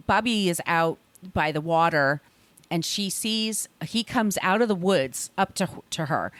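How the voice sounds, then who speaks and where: A woman's voice: on the low side, measured pace, a bit bright, no room sound. A woman co-hosting a podcast, casually recapping a film and acting out the characters' lines. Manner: chatty, acts out characters' lines in quotes. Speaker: podcast co-host.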